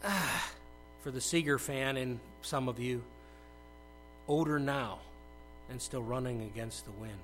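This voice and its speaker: A middle-aged male pastor preaching a conversational sermon, dropping to hushed asides and bursting into loud acted quotes. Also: medium pitch, steady tone, a little slow, long pauses, faint music behind, low-quality recording.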